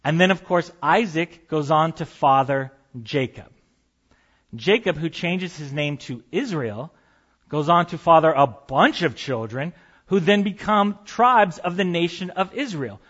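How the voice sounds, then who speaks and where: A man's voice: fairly high pitch, animated, unhurried, a bit bright, lo-fi sound. A man preaching a sermon as pastor, conversational and storytelling, with light humor.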